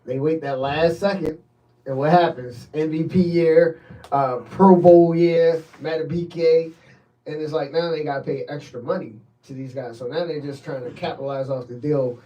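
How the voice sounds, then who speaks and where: A man in a casual podcast chat who talks in a measured, hedging way. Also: on the high side, fairly even intonation, dark tone. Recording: distant from the mic.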